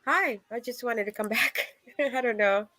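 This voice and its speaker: A woman's voice: fairly high pitch, normal speed, sharp tone, no echo, low-quality recording. A woman who joins a livestream panel as a guest, speaking hesitantly with many fillers. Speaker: guest caller. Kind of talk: hesitant casual chat.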